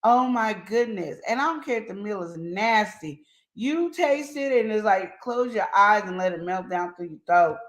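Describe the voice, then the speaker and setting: Animated woman with a roomy echo. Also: medium pitch. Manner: animated storyteller, drawn-out emphatic phrasing. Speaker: co-host of a relationship advice live show. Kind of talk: casual advice chat.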